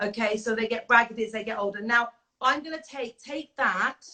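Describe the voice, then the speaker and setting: A woman's voice: fairly high pitch, fairly quick, pushed and bright, low-quality recording. A woman, a makeup artist and beauty founder, chatting effusively while demonstrating makeup over a video call, with many fillers. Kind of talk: casual chat with makeup demonstration.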